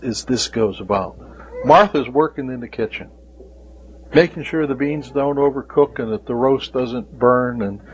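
A male preacher delivering a devotional sermon at a slow, deliberate pace. He leans on his key lines and repeats them for weight, in a middle-pitched voice. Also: husky, low-quality recording.

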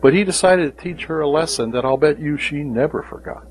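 A man's voice: mid-range voice, animated, brisk, hardly any pauses, a little mellow, a little hiss or hum, rough recording. A man preaching a devotional sermon, speaking in an emphatic way and repeating key phrases.

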